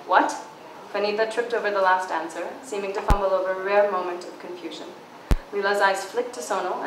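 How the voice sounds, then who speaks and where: A woman reading aloud from her own novel at a book launch, giving the dialogue some emphasis. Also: medium pitch. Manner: reads dialogue with emphasis, casual and halting when answering. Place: bookstore event space. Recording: echoey room, far from mic, background noise.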